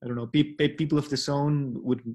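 A man in his forties, a filmmaker, answering interview questions over a video call, halting and often restarting as he searches for words. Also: on the high side, level tone, a little mellow. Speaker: filmmaker guest.

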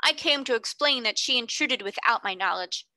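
Woman reading as a haughty, shrill schoolmistress. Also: expressive, normal speed, sharp tone, no echo. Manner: haughty, rigidly polite, shrill when shocked. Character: stern, indignant middle-aged schoolmistress. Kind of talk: audiobook character reading.

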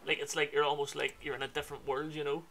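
A man's voice: fairly high pitch, little pitch movement, fairly bright tone, a little hiss or hum. Chatty Belfast streamer man. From Northern Ireland. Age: young adult. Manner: chatty, fast and laughing. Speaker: gaming streamer. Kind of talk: casual livestream commentary. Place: home room.

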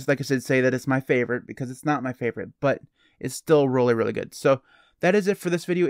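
A man hosts his own channel in a loose, rambling solo talk, cracking self-deprecating jokes as he goes. His voice sits at an ordinary middle pitch. It is recorded close and dry, with no room echo. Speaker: channel host. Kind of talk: casual solo talk to camera.

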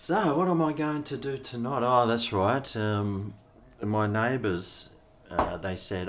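A man's voice: medium pitch, slow, fairly bright tone. A middle-aged Australian man, a vlogger, rambling in a laid-back, slangy way while he tastes and reviews a beer. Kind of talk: casual beer review vlog.

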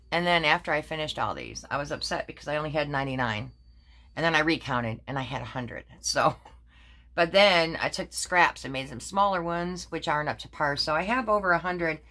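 An older woman shows off her handmade crafts in a relaxed vlog. Her voice sits low but swoops lively up and down. She rambles along, stopping for fillers and fixing her own words as she goes. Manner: rambling, with many fillers and self-corrections. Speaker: crafting vlogger. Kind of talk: casual show-and-tell chat.

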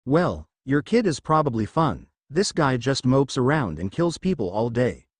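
A man's voice: medium pitch, sing-song, measured pace, no echo, clean studio sound. A man voicing a whiny, sheepish male three-headed dragon in a fan story reading. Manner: whiny, cheeky.

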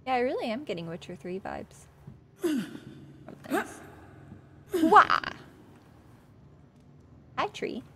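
Her voice sits on the high side with a sing-song lilt, moving at a moderate pace broken by long pauses over slight background noise. In a sunny room, she streams a game she made, keeping up casual chatter, self-mocking jokes and remarks aimed at the game.

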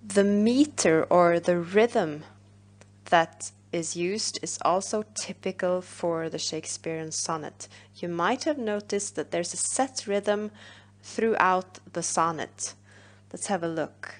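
A woman teacher, patiently explaining a poem in a recorded literature lesson, pausing on fillers. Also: fairly low pitch.

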